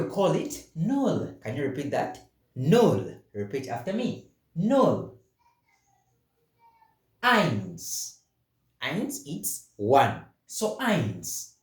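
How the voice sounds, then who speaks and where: Guy teaching german numbers real slow, bouncy pitch, echoey room. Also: a little mellow. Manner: drills words slowly, asks learners to repeat. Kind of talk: beginner language lesson.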